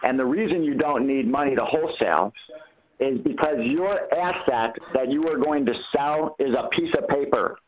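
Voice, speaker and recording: Animated man hosting a coaching call. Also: mid-range voice, normal speed. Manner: animated, acts out quoted conversations. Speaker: host answering callers' questions. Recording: muffled lo-fi call audio.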